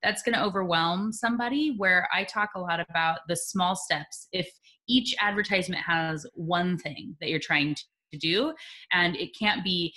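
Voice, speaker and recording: Woman, interview guest, lower pitch, bright tone, lively explaining. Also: normal speed. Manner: lively, explains with acted-out examples and laughs. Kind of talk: conversational interview.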